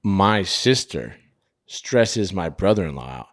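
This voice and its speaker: A man's voice: deep voice, very animated, takes it slowly, fairly bright tone, no room sound, studio quality. A young married man co-hosting a casual podcast, rambling through stories and acting out what people said. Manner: rambling, acts out quotes with a mocking voice. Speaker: podcast co-host. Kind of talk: casual chat.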